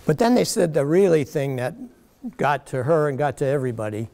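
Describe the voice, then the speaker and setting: A man giving a public lecture, telling stories in an animated way and mocking the critics he quotes. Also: on the high side, a little fast, gravelly. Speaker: guest lecturer. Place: lecture hall.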